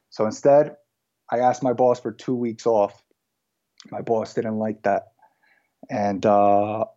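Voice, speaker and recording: A man being interviewed as a guest, telling his life story in a relaxed, casual way with frequent fillers and restarts. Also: medium pitch, muffled recording. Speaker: guest entrepreneur.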